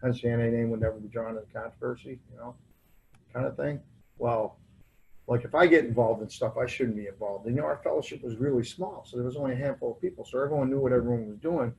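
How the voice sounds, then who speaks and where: A man's voice: mid-range voice, fast talker, creaky, darkish tone, lo-fi sound. Casual self-mocking man telling his story. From United States. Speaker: recovery convention speaker. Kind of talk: personal recovery story told to a crowd. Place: convention hall.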